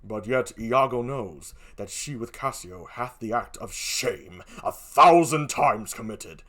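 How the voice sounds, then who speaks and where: An older man voicing a grieving, tormented general, in a slow and heavy delivery. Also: medium pitch, lively intonation, a bit bright, pitched below the performer's own voice. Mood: anguished.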